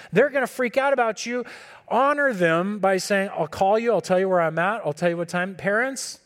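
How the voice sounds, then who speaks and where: A man preaching a sermon in a relaxed, conversational way, acting out talks with his kids. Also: high voice. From California. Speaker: pastor.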